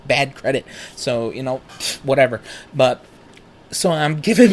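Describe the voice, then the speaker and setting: A young man who hosts a podcast tells a personal story in a candid, animated and casual way, with plenty of profanity. His voice is mid-range, with slight background noise.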